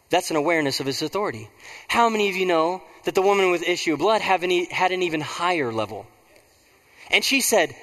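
A man's voice: fairly high pitch, very animated, fast, fairly bright tone, big-room sound. A man preaching a conversational sermon as pastor, prompting the congregation to respond.

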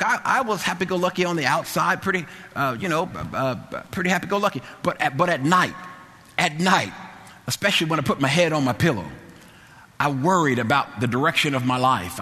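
A man's voice: on the high side, sharp tone. A man preaching a sermon, telling a personal story fervently with many restarts and repetitions. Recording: long hall reverb.

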